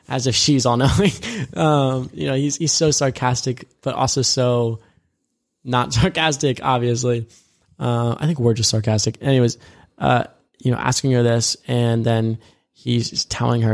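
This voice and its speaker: A man with a gravelly, creaky edge in a mid-range voice, talking through faith in a loose, conversational way. He rambles, corrects himself, and retells scripture scenes in plain everyday words. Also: mid-range voice, steady tone, moderate pace. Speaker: co-host of a discipleship podcast. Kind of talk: casual faith discussion.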